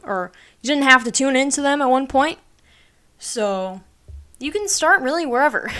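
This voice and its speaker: A woman's voice: medium pitch, fairly bright tone, smooth. A young adult woman hosting her own podcast, chatting casually in a rambling, upbeat way with many fillers. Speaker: podcast host. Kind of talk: casual solo podcast chat.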